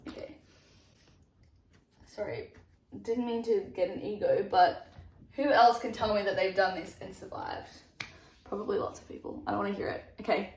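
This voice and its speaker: A young woman reviewing her favourite books in a casual vlog, gushing and animated, laughing often. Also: a little high, slight background noise. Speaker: book vlogger. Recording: echoey room.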